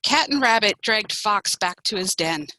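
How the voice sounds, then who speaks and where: Animated woman reading a picture book. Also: mid-range voice, normal speed, no echo, low-quality recording. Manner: animated, expressive. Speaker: children's librarian.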